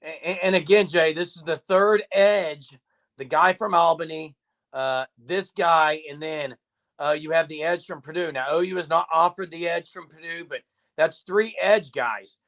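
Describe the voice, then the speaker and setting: A man's voice: on the high side, moderate pace, a bit bright. A man hosting a live sports talk show, chatting casually and reading viewer comments aloud. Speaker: podcast host.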